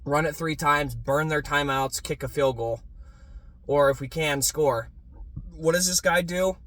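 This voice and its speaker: A young man ranting in a casual sports fan vlog, swearing freely and swinging from low muttering to loud yelling. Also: unhurried.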